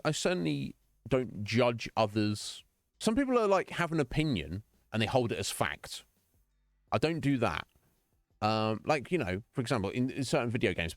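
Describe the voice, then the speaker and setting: A man's voice: mid-range voice, dry recording, clean studio sound. A man streaming and chatting casually with his viewers, musing aloud as he answers their questions. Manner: reflective, rambling, answers chat questions.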